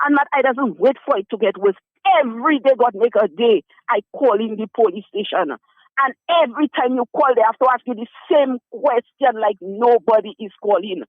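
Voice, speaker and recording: Man, caller, very high voice, urgent and pleading, tinny dry phone line. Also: no echo. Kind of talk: call-in radio complaint. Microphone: telephone.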